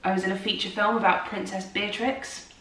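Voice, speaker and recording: This co-host, a musical theatre performer, speaks in a mid-range, fairly bright voice with a flat delivery and a fairly quick pace. It's a casual morning chat in which she talks about her acting work, self-deprecating and chatty. The sound is roomy, picked up from a distance off-mic.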